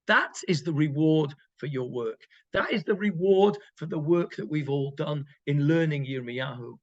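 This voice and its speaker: A man in the role of a rabbi leads an informal class on a text, reading each verse aloud and then translating it. His voice sits a little high, and he presses his points by repeating key phrases. The recording is dull and lo-fi. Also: moderate pace, few pauses. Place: community room with a group.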